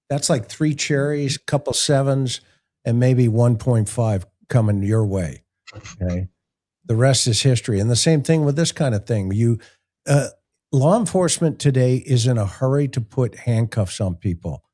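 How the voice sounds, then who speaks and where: Older guy, ex homicide cop, warm low tone, acts out the voices in his stories. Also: unhurried. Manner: storytelling, acts out quoted voices. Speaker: retired homicide detective. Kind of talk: casual panel discussion.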